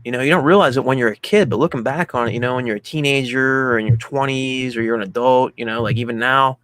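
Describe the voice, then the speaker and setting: A man's voice: medium pitch, quick pace, a bit bright, dry recording. A man from Pennsylvania co-hosting a casual movie chat, rambling through a heartfelt story with many fillers. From Pennsylvania, USA. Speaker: podcast co-host.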